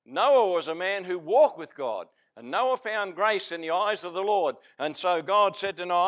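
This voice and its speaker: A man with an Australian accent preaching a sermon in a folksy, storytelling way, swinging between loud outbursts and hushed lines. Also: high-pitched, animated, moderate pace, few pauses.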